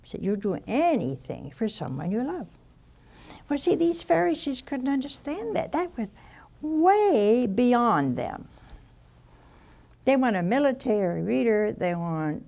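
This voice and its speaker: An elderly nun gives a relaxed spiritual talk packed with personal anecdotes, speaking in a folksy, leisurely way punctuated by sighs and quiet asides. Her voice sits a little high, with a sing-song lilt and vocal fry.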